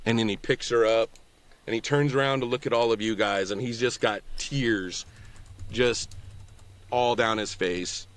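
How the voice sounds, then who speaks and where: Brief: male game master, unhurried, expressive narration. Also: medium pitch. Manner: slow, halting storytelling.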